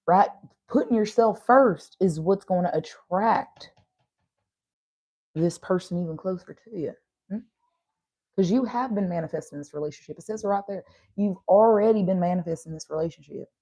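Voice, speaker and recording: Husky, dark and lowish, this woman's voice belongs to a tarot reader with a slight Southern country accent. She's tired after an overnight drive but chatty through her casual reading, addressing viewers as y'all and frequently dropping in "right?"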